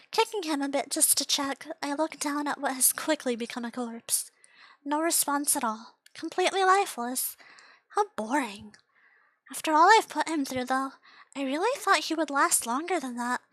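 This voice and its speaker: A cruel young woman who toys with her victim, as a woman reading her own story puts her on. She talks in a high, bright, sharp voice, cold and bored, mocking as she goes. The sound is dry and close, with no room around it. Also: normal speed, no room sound. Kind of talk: first-person story reading.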